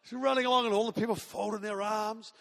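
A male preacher with a very high, bright voice tells an animated story with self-mocking humor. His words ring out with a long reverb in a large church hall. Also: fast talker, vocal fry. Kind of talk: sermon with storytelling.

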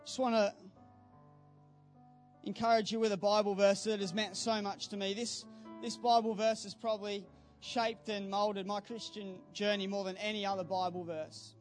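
A young man preaches as a youth pastor, his voice pitched high yet staying fairly even in its melody. He speaks earnestly and pushes toward fervent calls to action. Faint instrumental music plays quietly beneath him. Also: moderate pace. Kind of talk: sermon. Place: church service.

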